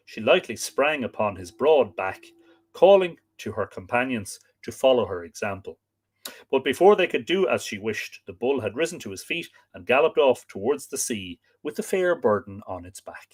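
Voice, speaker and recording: A man's voice: mid-range voice, very animated, moderate pace, breathy edge. A man hosting a live stream, reading old myths aloud, chatting with viewers and stopping to work out pronunciations.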